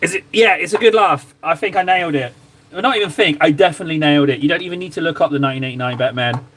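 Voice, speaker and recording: A man's voice: a little high, racing, a bit bright. A man casually chatting to his stream audience while painting miniatures, joking and mocking himself. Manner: joking, self-mocking, bantering with chat.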